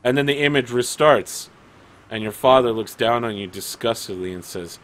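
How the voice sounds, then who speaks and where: A man narrating a tabletop game as game master in a dramatic, deliberate way. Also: medium pitch, a bit bright, a little hiss or hum, poor audio.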